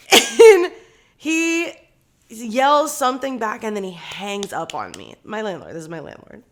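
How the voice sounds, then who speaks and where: A woman's voice: on the high side, big pitch swings, measured pace. A young woman co-hosting a podcast, telling a story in a casual chat, acting out quotes and laughing often. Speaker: podcast co-host.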